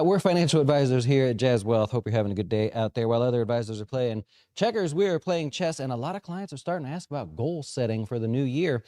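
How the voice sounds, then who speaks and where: A man's voice: no echo, clean studio sound. A man hosting a market recap show as a financial advisor, chatty and jokey, correcting himself as he goes. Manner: lively pitch swings. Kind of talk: casual market recap talk.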